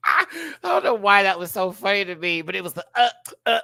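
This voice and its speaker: A man reviewing a drag competition show in a casual, campy rant, laughing often and swinging between loud outbursts and quiet asides. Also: big pitch swings, fairly quick, creaky. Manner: big jumps in pitch and loudness. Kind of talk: casual commentary.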